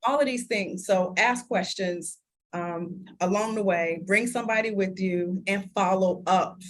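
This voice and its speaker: A woman in her thirties, an interview guest, telling a personal story in lively conversation, laughing often and acting out what people said. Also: mid-range voice, a little slow. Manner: animated, laughs often, acts out quoted dialogue.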